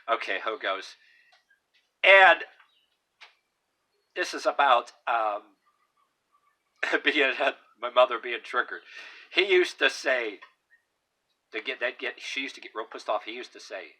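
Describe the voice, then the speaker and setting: A man's voice: medium pitch, big pitch swings, moderate pace, bright, forceful tone, low-quality recording. A man giving his opinions in a casual, rambling monologue, blunt and emphatic, with lots of fillers and restarts. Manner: blunt and emphatic, swearing now and then.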